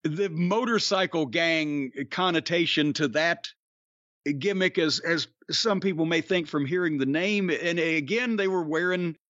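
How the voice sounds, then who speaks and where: A man on a podcast telling rambling, profane stories in a casual, animated way. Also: a little high, measured pace, dry recording, highs cut off. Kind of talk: casual storytelling chat.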